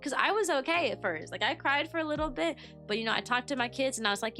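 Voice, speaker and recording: A young woman telling a story in a casual, chatty way, animated and full of "like" fillers. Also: high-pitched, quick pace, faint music behind. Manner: chatty, animated, heavy use of "like". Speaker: VTuber and kindergarten teacher.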